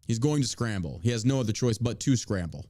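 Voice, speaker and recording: A man's voice: mid-range voice, animated, fast, mellow, no room sound. A man hosting a show, delivering profane, combative and mocking political commentary. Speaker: podcast host.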